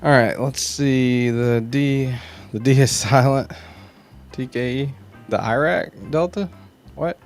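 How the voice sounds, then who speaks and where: Taking his time in a mid-range voice, a knife channel host rambles through a casual livestream with soft music in the background. He reads viewer comments and greets people by name in an easygoing way.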